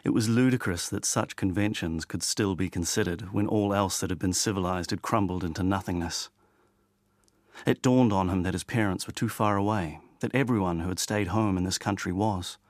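Low-voiced guy reading a novel, steady and measured, dry close mic. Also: dry recording. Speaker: audiobook narrator. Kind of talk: scripted narration.

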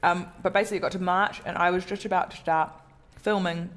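A woman's voice: lowish voice, fairly even intonation, fast, fairly bright tone. A woman comedian chatting casually in an interview, talking in a self-deprecating way with many fillers and restarts. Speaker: comedian guest.

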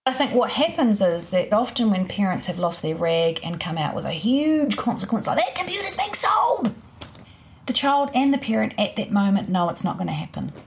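Woman expert, lowish voice, gravelly fry, relaxed practical talk. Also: a little fast, hardly any pauses, a little hiss or hum. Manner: relaxed, practical, conversational with fillers. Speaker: parenting expert. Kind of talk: explanatory interview talk.

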